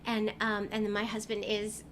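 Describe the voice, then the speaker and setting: A woman's voice: mid-range voice, monotone, normal speed, background noise. A woman voice actress chatting as an interview guest, telling stories with lots of ums. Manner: chatty, warm storytelling with many fillers. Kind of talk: casual interview chat. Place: convention venue.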